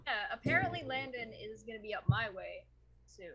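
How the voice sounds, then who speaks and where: A woman's voice: on the high side, very animated, a little fast, bright, forceful tone, faint music behind. A woman co-hosting a casual group video chat, playful and bantering. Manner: playful, reads tweets aloud. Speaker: co-host. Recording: dull lo-fi mic.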